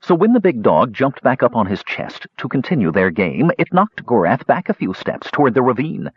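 A man narrating a story in an expressive, dramatic reading, in a slightly muffled recording. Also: mid-range voice, normal speed, breathy edge, dry recording.

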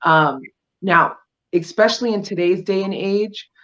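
A woman's voice: mid-range voice, measured pace, fairly bright tone. Lo-fi woman explaining with emphasis. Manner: emphatic, explanatory, with frequent "um" and "you know". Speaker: guest sharing her divorce experience. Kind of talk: conversational interview.

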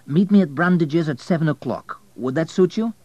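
A man's voice: medium pitch, lively intonation, moderate pace, no echo, muffled recording, lightly acted. An ambitious young immigrant hotelier, eager and pressing, as a male audiobook narrator reads him. His voice sits in an everyday middle range. The sound is dry and close.

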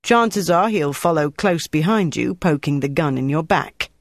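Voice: mid-range voice, lively intonation, measured pace, no echo, studio quality. A reader voicing a brusque male combat instructor. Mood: commanding. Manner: commanding, instructive. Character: tough male self-defense instructor, brusque and showy.

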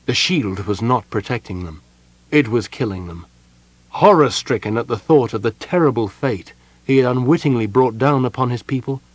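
A man's voice: mid-range voice, no room sound. Man narrating a dramatic fantasy audiobook. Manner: measured, dramatic storytelling. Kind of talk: scripted narration.

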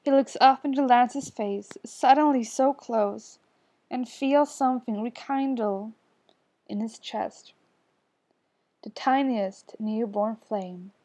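Podfic narrator, woman, slow, mellow, intimate. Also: on the high side. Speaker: podfic reader. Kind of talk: scripted narration.

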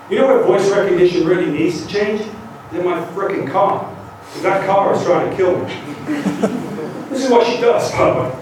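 A British man in his forties gives a conference talk, joking and acting out what others say. His voice sits a little high for a man. He was recorded from far back in a big, echoing lecture hall with a faint hiss underneath. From Great Britain. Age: 40s. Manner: lively, joking, acts out quotes. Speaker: guest lecturer. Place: large university lecture hall. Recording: echoey hall taped from far off.

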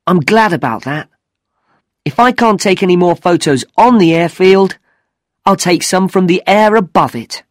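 A man voicing a practical, eager teenage boy in a storybook reading, speaking briskly. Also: high voice, dry recording, clean studio sound, voice pushed up, natural voice. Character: teenage boy, keen photographer.

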